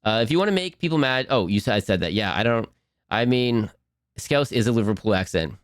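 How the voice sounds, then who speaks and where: A man's voice: medium pitch, animated, fairly quick, no echo. Male streamer, middling voice, casual rambling chat, dead-dry desk mic. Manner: rambling, giggly, talks back to chat. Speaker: streamer hosting a cartoon watch-along. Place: home at his computer.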